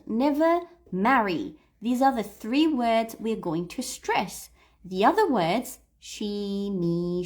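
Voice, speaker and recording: A woman hosts a livestream English lesson, prompting her audience to read aloud and repeat after her. Her voice is mid-range and a little dark, and she pronounces key words slowly and clearly.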